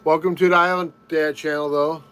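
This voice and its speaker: A man's voice: a little high, level tone, brisk, rough recording. A man hosting a casual live stream, chatting with viewers and greeting them by name. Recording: loud background noise. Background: loud noise.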